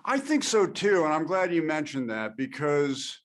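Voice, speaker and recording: A male actor giving thoughtful interview answers, pausing and restarting often as he works out his thoughts. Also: fairly high pitch, big pitch swings. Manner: thoughtful, halting, with many restarts.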